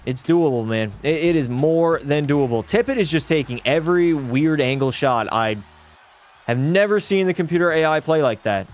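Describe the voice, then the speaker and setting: A young man narrates his hockey gameplay for his stream in a slightly raised voice. He moves quickly from play-by-play to loud disbelief at every goal against him. Faint game music runs behind him. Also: fairly high pitch. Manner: excitable, swings to frustrated yelling at the game. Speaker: gaming streamer. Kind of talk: live gameplay commentary.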